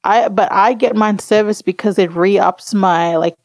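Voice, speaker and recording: Laid-back woman, slow, gravelly, dry sound. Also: mid-range voice, no echo. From Australia. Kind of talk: casual chat.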